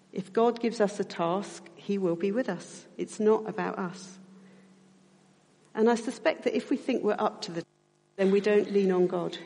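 A middle-aged woman preaching a sermon in a church. She speaks reflectively and slows down to stress key points. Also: mid-range voice, creaky, warm tone. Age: middle-aged or older. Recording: church hall reverb.

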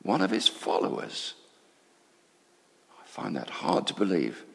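An actor playing a male temple council member, telling a friend in confiding, animated storytelling what he has seen. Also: low voice, measured pace, creaky, in a large hall, full character voice. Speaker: storyteller in character. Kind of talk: dramatic monologue.

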